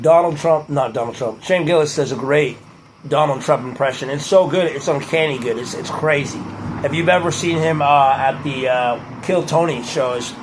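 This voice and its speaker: A man's voice: fairly high pitch, moderate pace, a little hiss or hum, low-quality recording. A young man rambling casually in a vlog, laid-back and heavy on swearing.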